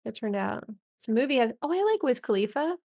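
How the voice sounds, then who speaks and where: A woman's voice: fairly high pitch, big pitch swings, quick pace, vocal fry, darkish tone, dry recording, clean studio sound. A woman streaming while she draws, chatting casually and joking with her chat as she thanks viewers. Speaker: streamer and artist.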